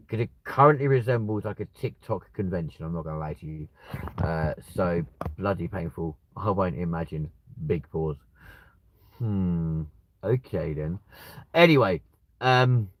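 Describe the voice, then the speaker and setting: A man, hosting a livestream and chatting casually with viewers, rambling and swearing with sudden bursts of excitement. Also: low-pitched, no room sound, poor audio. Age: 20s. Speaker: livestream host. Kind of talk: casual live chat reading viewer comments.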